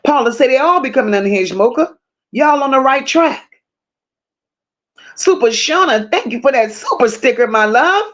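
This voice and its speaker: Blunt, high-voiced woman livestream host. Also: lively intonation, normal speed. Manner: blunt, emphatic, greets viewers by name. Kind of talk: casual livestream commentary reading chat.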